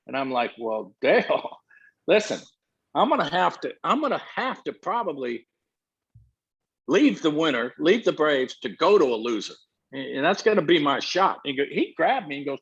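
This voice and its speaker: An older man telling baseball stories with lively energy, bouncing between voices as he acts out conversations. His voice sits a little high for a man, and the sound is muffled and lo-fi. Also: normal speed, slightly rough. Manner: animated storyteller acting out dialogue. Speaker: former baseball manager, guest. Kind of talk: storytelling interview answers. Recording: muffled lo-fi audio.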